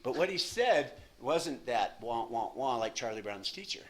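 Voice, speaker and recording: A man in his sixties speaking at a recovery meeting from a podium, telling his story in an animated, self-deprecating way with lots of repetition. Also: mid-range voice, normal speed. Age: 60s. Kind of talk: personal recovery story talk.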